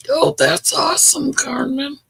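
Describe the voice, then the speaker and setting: A middle-aged woman hosts a livestream, chatting casually, telling stories and laughing often. Her voice is high-pitched and fairly bright with vocal fry, and the recording quality is low.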